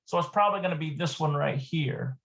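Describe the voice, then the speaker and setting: Gravelly man talking through a lesson. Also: fairly high pitch, fairly bright tone. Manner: thinks aloud, repeats words slowly. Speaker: language teacher. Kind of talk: casual lesson walkthrough.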